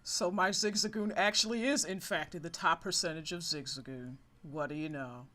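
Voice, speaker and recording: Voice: medium pitch, moderate pace, pushed and bright. A gamer giving casual, rambling commentary over a monster-catching game, often laughing and apologizing for going off track. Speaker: let's-play gamer.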